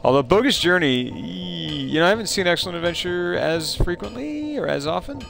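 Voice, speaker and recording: A man streaming a game live, chatting playfully with viewers and breaking into sudden high exclamations. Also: very animated, a little fast, creaky, a bit bright, soft background music. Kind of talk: casual live-stream chat while playing.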